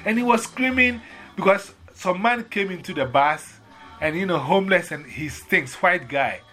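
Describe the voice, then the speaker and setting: A man's voice: high-pitched, normal speed, faint music behind. A man with a Ghanaian accent telling a bus story in casual chat, acting out the voices he quotes. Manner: animated, acts out quoted voices. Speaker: storyteller in conversation.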